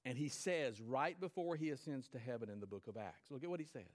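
A man preaching a sermon to his church, emphatic, rising high and loud then dropping low and quiet. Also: a little fast. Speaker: pastor.

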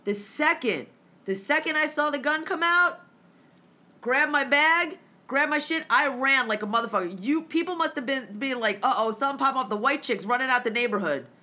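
A woman with a high, bright voice tells a story in loose, casual chat. She swears constantly and acts out every line of dialogue herself. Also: normal speed. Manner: profane, animated, acts out dialogue.

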